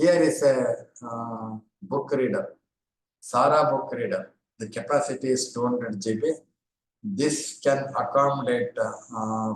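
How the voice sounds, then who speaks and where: An older man with an Indian accent giving an online lecture as a former university librarian, explaining steadily with frequent pauses and repetitions. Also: mid-range voice, roomy sound, low-quality recording.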